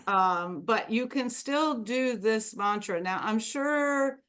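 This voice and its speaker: A woman's voice: on the high side, lively intonation, takes it slowly, a bit bright. A woman leads a small wellness class and talks to the group unhurriedly. She drifts from point to point in a loose, chatty way, with plenty of ums along the way. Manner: chatty, meandering, with fillers and laughs. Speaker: wellness workshop host. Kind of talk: casual teaching to a group.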